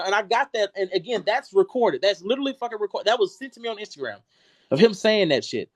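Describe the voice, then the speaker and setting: A man's voice: high-pitched, animated, fairly quick, no room sound. A man hosting a livestream, arguing bluntly and profanely and cutting in to finish his point. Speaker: livestream host. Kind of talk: heated livestream argument.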